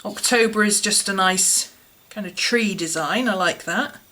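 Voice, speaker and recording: A woman's voice: mid-range voice, measured pace, bright, forceful tone. A woman with an English accent, chatting casually as she reviews a product in a vlog and muses aloud. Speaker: vlogger.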